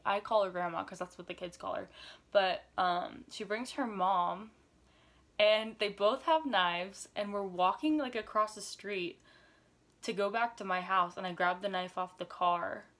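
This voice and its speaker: A young adult woman vlogger retelling a story, with lots of fillers, in a lively chatty way. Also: mid-range voice. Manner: animated retelling, frequent "like" fillers. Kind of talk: story time vlog.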